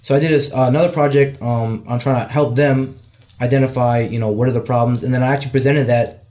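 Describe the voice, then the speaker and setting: A young man chatting casually as a guest, quick and full of likes and fillers. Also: medium pitch, steady tone, dark tone. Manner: rapid, filler-laden, enthusiastic. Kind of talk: casual conversation.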